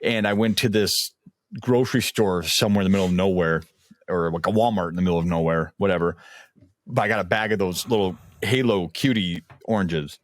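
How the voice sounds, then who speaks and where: A man's voice: sits low, fairly quick, no room sound, studio quality. A young man co-hosting a casual podcast, telling rambling stories with lots of fillers and laughs. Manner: rambling, laughing, animated storytelling. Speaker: podcast co-host. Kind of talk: casual chat.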